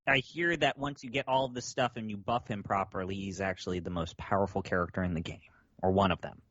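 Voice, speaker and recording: A man's voice: low voice, fairly even intonation, fast talker, fairly bright tone, lo-fi sound, a little hiss or hum. A man co-hosting a casual podcast chat, blunt and exasperated, swearing freely. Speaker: podcast co-host.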